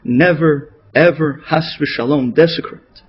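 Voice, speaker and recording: Man, rabbi, emotional sermon storytelling, dramatic swings in pitch and loudness, husky voice, dull lo-fi radio recording. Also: unhurried.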